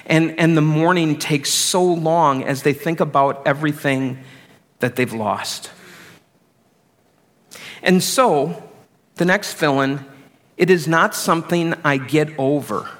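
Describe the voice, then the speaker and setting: A man's voice: on the high side, slow, fairly bright tone. A middle-aged man preaching a sermon as pastor, conversational and self-deprecating.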